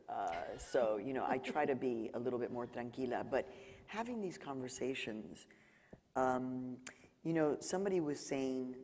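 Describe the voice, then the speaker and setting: A woman's voice: very deep voice, in a large hall. A journalist from Mexico, a woman, telling stories at a live library talk and acting out the people she quotes. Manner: animated storyteller, acts out quoted dialogue. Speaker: journalist, featured speaker. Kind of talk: live Q&A storytelling. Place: library event hall.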